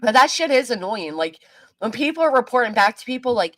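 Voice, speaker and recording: A woman's voice: on the high side, very animated, brisk, a bit bright. Fired-up, cursing woman streamer. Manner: heated, profane, talks back to chat. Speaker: live streamer. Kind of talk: angry livestream rant.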